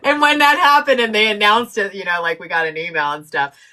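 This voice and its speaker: A woman's voice: mid-range voice, background noise. A woman co-hosting a casual live-stream chat, telling anecdotes and laughing often. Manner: storytelling, laughs often, quick asides to the chat. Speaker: co-host.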